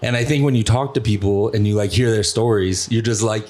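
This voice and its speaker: A man's voice: lowish voice, fairly even intonation, brisk, a little mellow. A young man hosting a podcast, telling stories in a rambling, profane way full of fillers. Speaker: podcast host. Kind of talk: casual podcast chat.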